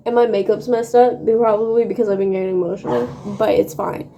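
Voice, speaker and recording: Woman, high voice, excitable, slangy, swears a lot, casual vlog, phone mic, echoey room, faint ambience. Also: moderate pace, vocal fry, a little hiss or hum. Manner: excitable, slangy, swears freely, laughs often. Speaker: book vlogger. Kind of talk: casual reading vlog chat.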